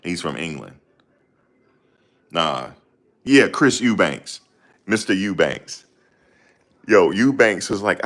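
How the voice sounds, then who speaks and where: A man's voice: deep voice, animated, slow, long pauses, a bit bright. A man in casual chat, talking in a slangy, rambling way and often searching for names. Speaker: host.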